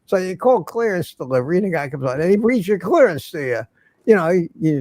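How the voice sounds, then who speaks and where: A man's voice: high-pitched, very animated, brisk, warm tone, dry recording. An older man hosting a livestream, telling rambling stories in casual chat and laughing at his own jokes. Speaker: livestream host.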